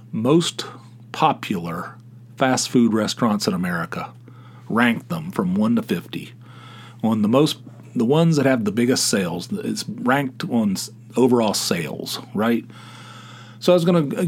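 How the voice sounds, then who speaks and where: A man's voice: medium pitch, a little mellow. A middle-aged man hosting a casual solo podcast, rambling with stammered restarts and swearing. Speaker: podcast host.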